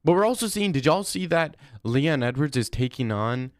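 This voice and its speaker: A young man hosts a livestream, chatting casually and reading out viewer comments in a rambling, slangy way, saying "bro" often. His voice is fairly high and animated, at a normal speed, with clean studio-quality sound and no echo.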